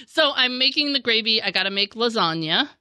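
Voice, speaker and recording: A woman with a bright, clear voice tells stories on a podcast. She laughs often and acts out what others said. Her voice sounds close and dry, with no room sound. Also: on the high side, moderate pace, no room sound. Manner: animated storytelling, laughs often, acts out quotes. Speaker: podcast co-host. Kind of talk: casual chat.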